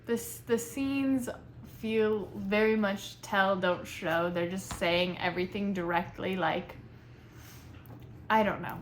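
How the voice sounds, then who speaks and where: A young woman reviewing a book in a casual, chatty way, nitpicky and animated. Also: medium pitch, takes it slowly, slight background noise. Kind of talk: casual chat.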